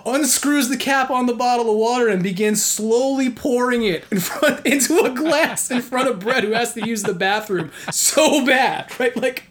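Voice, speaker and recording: A man from New York telling a story in casual chat, animated and laughing often, with many "like" fillers. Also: very high-pitched, normal speed, few pauses. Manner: heavy use of "like" as filler.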